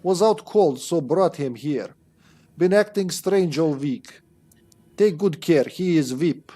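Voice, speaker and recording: A man's voice: a little high, animated, slow pace, warm tone, pitched above the performer's own voice. A man reading out a male orderly in a put-on Russian accent, with broken English and dropped articles. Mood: deadpan.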